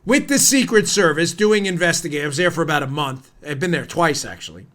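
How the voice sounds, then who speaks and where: An American man in his forties hosting a political commentary podcast, heated and indignant, his voice climbing toward near-shouting. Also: fairly high pitch, big pitch swings, fairly quick. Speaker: podcast host.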